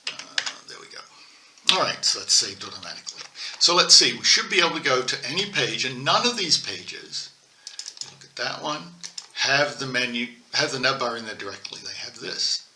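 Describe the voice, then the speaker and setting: An older man instructs a coding lesson over a screen recording, his medium-pitched voice expressive, bright and forceful at a normal speed. He thinks aloud and corrects himself while typing, with faint keyboard clicks, slight background noise and room echo.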